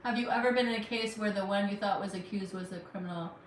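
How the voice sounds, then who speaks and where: A woman's voice: medium pitch, quick pace, far from the mic, a little hiss or hum. A woman who works as a criminal defense lawyer, chatting casually and teasingly with viewers while she cooks on a livestream. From United States. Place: home kitchen. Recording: roomy kitchen audio, speaker off-mic.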